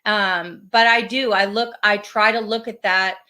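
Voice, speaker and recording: A woman's voice: medium pitch, fairly even intonation, measured pace, bright, forceful tone. A woman co-hosting a casual podcast, talking in an earnest, reflective way and often restarting her sentences. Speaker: podcast co-host.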